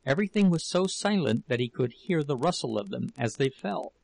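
A man reading a novel aloud as narrator, in a steady, measured storytelling manner with a gravelly voice. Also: on the high side, low-quality recording. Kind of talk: audiobook reading.

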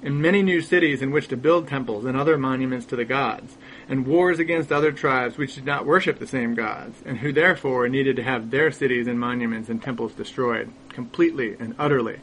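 Man, deadpan scripted narration, mid pitch. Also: a little fast, a little hiss or hum, poor audio.

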